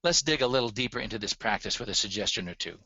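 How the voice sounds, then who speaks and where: A man lectures earnestly, speaking straight to his listeners with firm emphasis. His voice is bright and forceful but sits a little low. The recording is dry and slightly dull. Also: lively intonation, quick pace, no room sound. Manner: earnest, emphatic, addresses audience directly. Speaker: relationship communication instructor.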